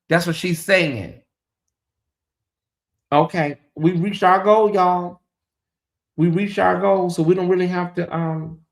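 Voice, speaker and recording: Man, livestream host, fairly high voice, animated, chatty, reads viewer comments. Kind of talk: casual livestream chat, reading viewer comments.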